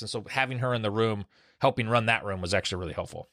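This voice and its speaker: A man hosting a casual panel discussion among emergency clinicians, telling stories in an animated way and acting out quotes. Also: fairly low pitch, no room sound, clean studio sound. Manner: fast, animated storytelling with acted quotes. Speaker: podcast host, emergency clinician.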